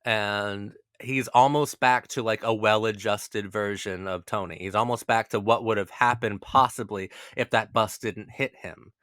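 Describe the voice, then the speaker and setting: A man giving a casual spoken analysis as a video essay host, animated and excitable, stumbling over repeated words and swearing casually. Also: lowish voice, unhurried, hardly any pauses, clean tone, dry recording, studio quality.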